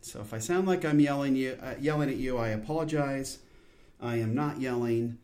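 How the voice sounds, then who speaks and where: A man's voice: mid-range voice, moderate pace, darkish tone. A man in his forties hosting a solo podcast, talking in an intense, earnest, rambling way with many restarts. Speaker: podcast host. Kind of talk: casual solo podcast talk.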